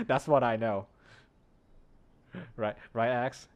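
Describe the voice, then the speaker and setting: This streamer has a mid-range voice and is very animated, yet he speaks extremely slowly. He chats casually with his viewers during a game, laughing a lot, over faint lofi music.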